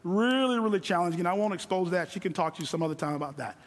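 A middle-aged man preaching a sermon from a stage, earnest and repeating phrases for emphasis, slowing down on key lines. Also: high-pitched, expressive. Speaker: guest preacher. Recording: long hall reverb.

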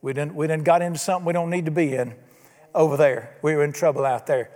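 Folksy preacher in an echoing hall. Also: male voice, fairly high pitch, fairly even intonation, fast, darkish tone. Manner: folksy, preaching with rhetorical questions. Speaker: pastor. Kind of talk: sermon. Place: church.

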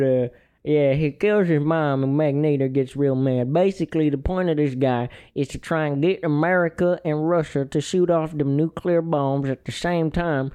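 A podcast co-host with a Southern US accent chats casually in a rambling, folksy, playfully boastful way. His voice is on the high side, warm, clear and resonant.

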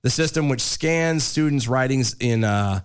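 A man's voice: mid-range voice, a little slow, clean tone. Man co-hosting talk radio. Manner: reads quotes aloud, sarcastic asides. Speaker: radio co-host. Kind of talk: casual talk radio banter, reading news.

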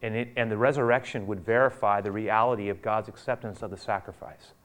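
A man preaching a sermon, acting out scripture quotes and swinging from loud urgent peaks down to a hushed near-whisper. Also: on the low side, fairly even intonation, brisk. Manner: acts out quotes of biblical figures. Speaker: pastor.

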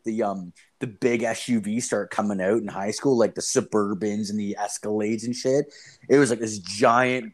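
Profane young man telling a wild story. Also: fairly low pitch. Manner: rambling, profane, animated retelling with quoted voices. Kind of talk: casual storytelling chat.

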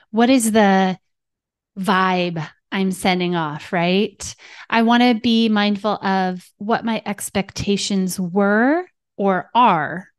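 A woman's voice: on the low side, no room sound, clean studio sound. A woman, a parent coach, hosting a podcast and teaching in numbered steps, often checking in with "right?" and "okay.". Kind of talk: instructive podcast talk.

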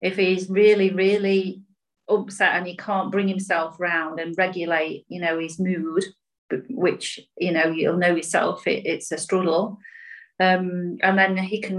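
A woman guest in a conversational interview, speaking gently and reflectively and often ending with tag questions. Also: fairly low pitch, flat delivery, unhurried, rough recording.

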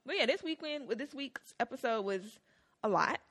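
A young woman co-hosting a casual podcast, chatting in an animated way with quick swings in pitch and loudness. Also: a little hiss or hum. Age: young adult. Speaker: podcast co-host. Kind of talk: casual chat recapping a TV episode.

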